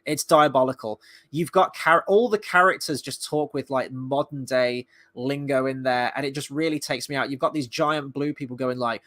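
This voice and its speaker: A man's voice: medium pitch, moderate pace, fairly bright tone. A man giving a blunt, exasperated film review in casual, sweary talk.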